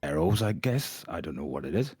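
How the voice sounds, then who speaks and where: A man's voice: deep voice, sing-song, fairly quick, darkish tone, breathy edge, dry recording, clean studio sound. A man playing a tabletop game, talking in an offhand, curt way with half-whispered asides. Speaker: player. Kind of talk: casual tabletop game chat.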